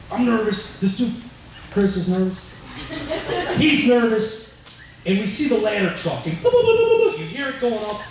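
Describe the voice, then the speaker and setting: A firefighter with a fairly high voice tells firehouse stories at a dedication, acting out the other people's voices as he goes. The sound comes from far off in a very echoey hall, with faint noise underneath. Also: a little mellow. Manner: storytelling, acting out voices in quotes. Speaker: firefighter giving a dedication speech. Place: large indoor room at a fire training center.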